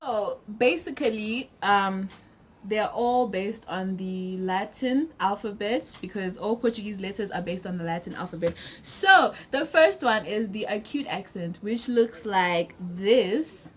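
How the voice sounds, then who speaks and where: A woman's voice: medium pitch, animated, unhurried, a little hiss or hum. A woman from Zimbabwe giving a casual video lesson, chatty and explaining with examples. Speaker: language teacher YouTuber.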